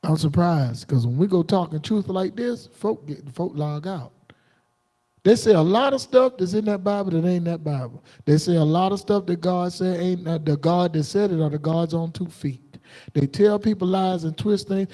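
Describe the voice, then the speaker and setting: A man preaching a combative, defiant sermon on a livestream, jumping into sudden high outbursts. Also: normal speed, warm tone. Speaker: preacher streaming live.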